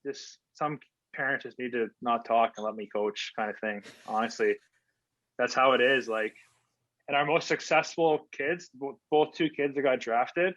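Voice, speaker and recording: Telling stories in a relaxed interview, this ex-hockey player rambles and uses lots of fillers, speaking at a moderate pace in a medium-pitched, slightly bright voice. There's no room sound, and the remote audio is dull and lo-fi.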